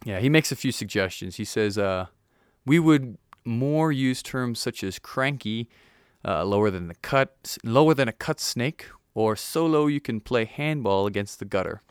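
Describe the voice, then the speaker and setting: A man's voice: mid-range voice, animated, normal speed, clean tone, no room sound, clean studio sound. A man hosting a casual podcast, joking with his co-host and reading a listener's email aloud. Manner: jokey, laughs often, reads listener email aloud.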